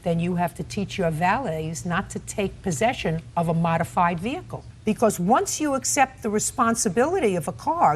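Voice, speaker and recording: A woman's voice: mid-range voice, lively intonation, moderate pace, hardly any pauses, breathy edge. An older woman presiding as a television judge, questioning litigants bluntly and cutting them off. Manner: blunt, cutting, interrupts often. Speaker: TV courtroom judge. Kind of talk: stern courtroom questioning. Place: TV courtroom set.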